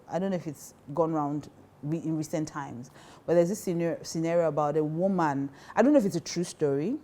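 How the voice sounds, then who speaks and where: A woman's voice: low-pitched, dark tone. A woman pastor with a Nigerian accent giving emphatic advice to women, repeating key phrases and laughing often. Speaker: pastor and counselor.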